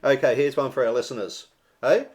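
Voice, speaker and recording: A man's voice: medium pitch, a little fast, a little mellow. A man with an Australian accent hosting a casual radio show, joking with his co-host and reading out news stories. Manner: chatty, jokey, reads news items aloud.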